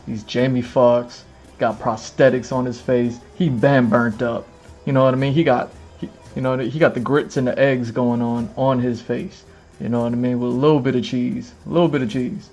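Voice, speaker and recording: A man's voice: mid-range voice, fairly even intonation, moderate pace, a little mellow, faint music behind. Rambling man streaming to camera. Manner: rambling, repeats phrases, many fillers. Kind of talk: casual livestream chat. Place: indoors in front of a camera with lights.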